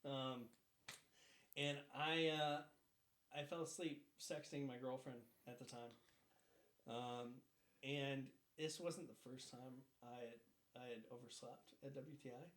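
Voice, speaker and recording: A young man telling crude stories on a casual podcast, laughing often and loudly acting out the people in them. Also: mid-range voice, fairly even intonation, measured pace, echoey room. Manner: crude, laughing storyteller who acts out others loudly. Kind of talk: casual chat, storytelling.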